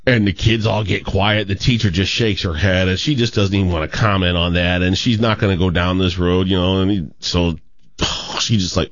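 A man hosting a radio show, telling long jokes in a rambling, animated way in casual banter, on a dull lo-fi recording. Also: low-pitched, fairly quick, no room sound. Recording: dull lo-fi radio studio sound.

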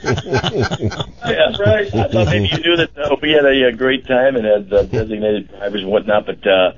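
A man's voice: mid-range voice, moderate pace, lo-fi sound, crowd noise. A middle-aged man hosting a casual talk radio chat, rambling with many fillers and restarts. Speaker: radio host.

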